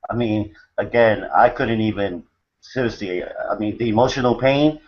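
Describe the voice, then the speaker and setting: A man's voice: lowish voice, moderate pace. Enthusiastic male webinar host, lo-fi. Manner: enthusiastic, talks straight to listeners. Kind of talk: webinar hosting. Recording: muffled lo-fi audio.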